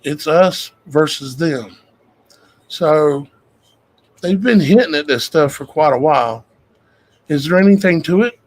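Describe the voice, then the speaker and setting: A man's voice: fairly high pitch, lively intonation, a little slow, pauses often, poor audio. A man, hosting his show and talking to viewers in a rambling, folksy way. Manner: rambling, conversational, folksy with "y'all guys". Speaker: show host. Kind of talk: casual talk to viewers.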